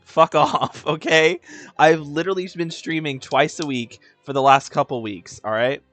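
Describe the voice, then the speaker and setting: A man's voice: a little high, normal speed, a bit bright, no room sound, faint music behind. Joking, foul-mouthed young man streaming. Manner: joking, profane, laughs a lot, talks to chat. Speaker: game streamer. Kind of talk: casual live-stream commentary.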